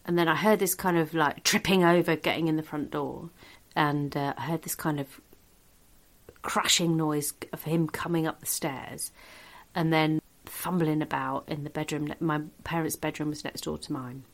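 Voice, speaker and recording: A woman's voice: low voice, moderate pace. A middle-aged woman, a comedian guest telling a comic anecdote in a podcast chat and laughing through it. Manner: lively storyteller, laughs through her own story.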